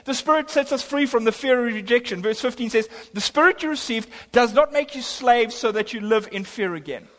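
A man preaching a sermon, telling a personal story with emphatic swings between loud and hushed delivery. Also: very high-pitched, fairly quick, few pauses. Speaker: pastor. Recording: long hall reverb.

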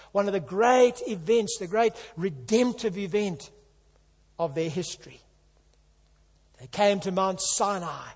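High-voiced man preaching a sermon. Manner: earnest, emphatic, builds to loud passages. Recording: long hall reverb.

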